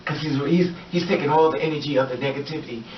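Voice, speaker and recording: A man's voice: fairly high pitch, fast talker, slight background noise. A man telling a story in a casual vlog, rambling with many fillers and acting out what the people in it say. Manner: rambling, repetitive, with many fillers and acted-out quotes. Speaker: vlogger. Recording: distant, roomy, dull lo-fi sound.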